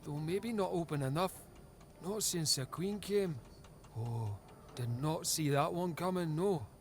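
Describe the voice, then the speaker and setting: A man's voice: fairly high pitch, a little slow, a little hiss or hum. An actor playing a folksy, talkative male villager in a video game, homespun and chatty. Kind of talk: voiced game dialogue.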